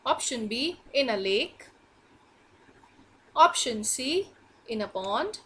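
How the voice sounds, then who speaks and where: Woman teacher, online class for small children, high voice, lively sing-song, slow and clear. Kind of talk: online class reading lesson for young children.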